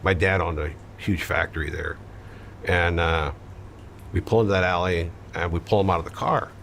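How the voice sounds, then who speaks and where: A man being interviewed about his past tells his story bluntly and matter-of-factly, swearing casually and using lots of fillers. His low, steady voice has vocal fry and a fairly bright tone at a moderate pace, with slight background noise.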